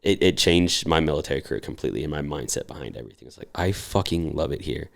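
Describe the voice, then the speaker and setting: A man's voice: a bass voice, expressive, fast, gravelly. A young man in his twenties telling casual, profane stories and acting out the voices of the people in them. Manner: profane, acts out quoted voices animatedly. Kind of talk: casual storytelling.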